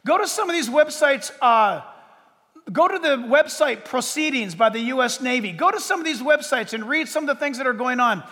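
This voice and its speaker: A male pastor delivers a sermon in a strikingly high voice. He stretches out words with dramatic pauses, then breaks into loud bursts. A long reverb from a large hall follows every phrase. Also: animated.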